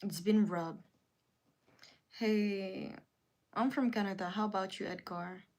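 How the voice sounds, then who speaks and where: A young woman with a mid-range voice hosts a casual livestream, reading comments aloud. She rants indignantly and repeats herself. Her pitch jumps up sharply when she gets worked up. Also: steady tone, slow pace, a little mellow. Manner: indignant, repetitive ranting with sudden rises in pitch. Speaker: livestream host.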